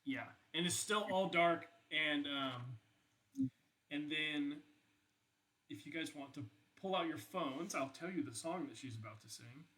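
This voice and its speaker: A man's voice: fairly high pitch, animated, unhurried, sharp tone, low-quality recording. A young man casually narrating a tabletop game as game master, rambling with lots of fillers and swearing.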